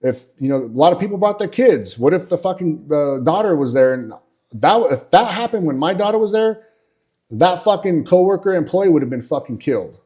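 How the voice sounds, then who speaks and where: A man's voice: on the high side, expressive, a little fast, dark tone. A man, hosting and telling workplace stories in a blunt, profane, casual monologue full of fillers. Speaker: podcast host.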